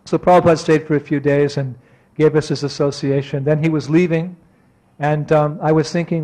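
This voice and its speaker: Lively, higher-voiced man telling a devotional story. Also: fairly quick, rough recording. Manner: animated storyteller who acts out remembered exchanges. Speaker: spiritual teacher giving a talk. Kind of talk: devotional lecture with personal storytelling.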